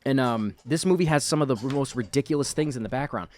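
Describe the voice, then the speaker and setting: A man's voice: medium pitch, fast talker, a little mellow. A man giving rambling, chatty voice-over commentary on a video of his drawing, full of fillers.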